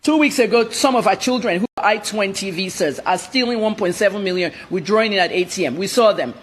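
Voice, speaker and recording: A woman journalist from Nigeria, a guest on a TV interview, telling her story in a blunt, rapid-fire way. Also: mid-range voice, slight background noise. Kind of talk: TV interview commentary.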